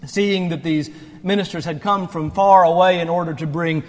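A pastor delivers a sermon in a conversational, reflective manner. His voice sits slightly high and swells at points of emphasis. A long reverb from the church hall follows his words. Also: steady tone, moderate pace, a little mellow.

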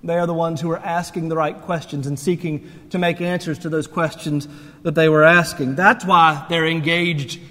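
A pastor delivers a sermon in a conversational, reflective manner. His voice sits slightly high and swells at points of emphasis. A long reverb from the church hall follows his words. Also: level tone, moderate pace, fairly bright tone.

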